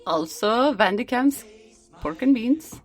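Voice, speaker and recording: A woman co-hosting a comedy podcast, playful and teasing, with deadpan asides. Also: on the high side, takes it slowly, soft background music. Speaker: podcast co-host. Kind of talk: casual comedic chat.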